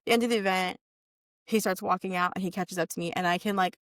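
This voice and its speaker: A woman's voice: fairly low pitch, fairly even intonation, fast, a bit bright, no room sound, clean studio sound. A young woman on a podcast telling a personal story in casual chat, candid and cursing freely, acting out what people said. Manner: candid, heavy swearing, acts out quoted lines. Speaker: podcast guest.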